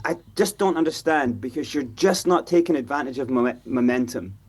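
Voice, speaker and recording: A man, talking football on a fan show in an animated way, acting out players' voices. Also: medium pitch, fairly quick, a little hiss or hum. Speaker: fan pundit.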